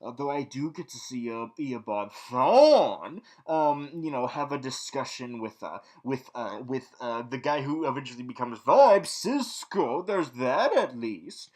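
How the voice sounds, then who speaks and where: A man's voice: medium pitch, big pitch swings, measured pace, few pauses, darkish tone. A young man in a villain persona, rambling through a casual, snarky TV recap full of fillers and restarts. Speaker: vlog host recapping a TV show.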